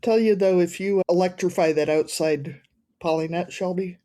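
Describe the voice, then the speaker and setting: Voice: mid-range voice, steady tone, moderate pace, dark tone. Wry, joking podcast host. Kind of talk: casual chat.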